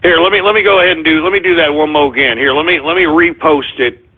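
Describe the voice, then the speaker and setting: Radio host, high-pitched man, furious shouting rants full of cursing, tinny lo-fi sound. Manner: angry, shouting, swearing, drawn-out taunts. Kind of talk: live call-in radio rant. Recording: tinny lo-fi broadcast audio.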